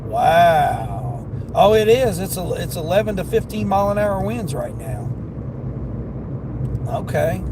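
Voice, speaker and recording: A man with a Southern accent chats loosely to his livestream viewers from behind the wheel, wandering from story to story. His voice sits a bit high for a man. Steady road and wind noise fills in behind him. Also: unhurried, long pauses. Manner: rambling, chatty, talks to chat while driving. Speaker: livestreaming delivery driver. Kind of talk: casual livestream chat. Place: inside a car.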